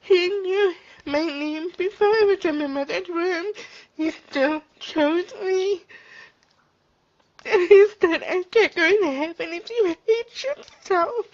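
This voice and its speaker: A woman in her thirties giving a personal faith testimony, crying and talking in an earnest, halting way. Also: extremely high pitch, darkish tone. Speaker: vlogger sharing testimony. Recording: dull lo-fi recording.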